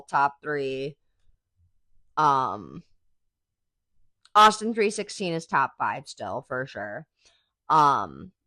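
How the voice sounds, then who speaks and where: A woman's voice: deep voice, a bit bright, no echo, clean studio sound. A woman hosting a podcast in casual, profane, enthusiastic chat, full of "like"s. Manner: chatty, profane, enthusiastic fan talk with many "like"s. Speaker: podcast host.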